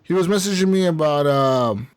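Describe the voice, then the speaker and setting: A man's voice: a little high, normal speed, clear, resonant tone, dry recording, studio quality. Man hosting a casual gaming podcast. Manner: swears a lot, rambling, laughs often. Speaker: podcast host. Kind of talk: casual chat.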